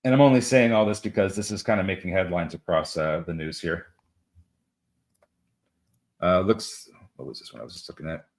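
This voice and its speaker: A man's voice: deep voice, brisk, pauses often. A man co-hosting a live trading stream, talking casually with many fillers and small jokes. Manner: rambling, many fillers, self-deprecating jokes. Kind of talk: casual market commentary.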